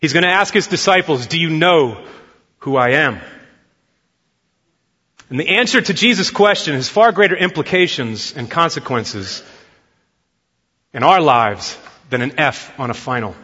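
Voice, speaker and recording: Bright-voiced preacher telling a story. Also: male voice, fairly high pitch, lively intonation, moderate pace, slightly rough. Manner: storytelling, acting out dialogue. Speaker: pastor. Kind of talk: sermon. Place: church sanctuary. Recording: dull lo-fi sound with long hall reverb.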